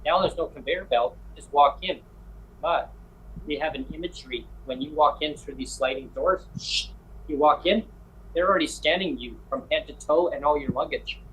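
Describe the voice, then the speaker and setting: A man's voice: a little high, normal speed, fairly bright tone, slight background noise, poor audio. Chatty man telling a story. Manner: rambling storyteller, acts out dialogue. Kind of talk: casual chat.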